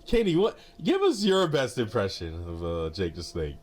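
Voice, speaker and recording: A man's voice: mid-range voice, wildly swooping pitch, moderate pace. A man co-hosting a wrestling podcast in casual chat, laughing often and padding with fillers. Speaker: podcast co-host.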